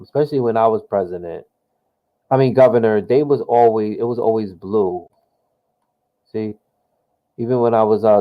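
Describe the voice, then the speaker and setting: A man's voice: lowish voice, lo-fi sound. A man giving casual live commentary while playing a political simulation game, thinking aloud with lots of fillers and restarts, and dropping slang like "yo". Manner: slang-heavy, exclaims "yo" often. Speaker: gamer playing a political sim.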